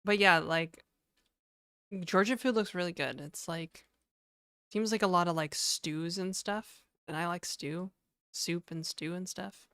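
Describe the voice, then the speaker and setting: A woman's voice: lowish voice, unhurried, a bit bright, clear, resonant tone, no echo, studio quality. A woman livestreaming from home, casually chatting and reading her chat aloud with easy laughs. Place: home in Toronto.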